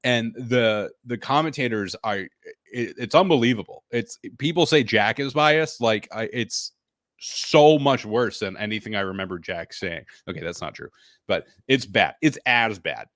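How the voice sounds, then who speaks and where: A man's voice: lowish voice, normal speed, a bit bright, dry recording, clean studio sound. A man co-hosting a casual sports podcast, ranting with incredulous, mocking quoted voices. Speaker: podcast co-host.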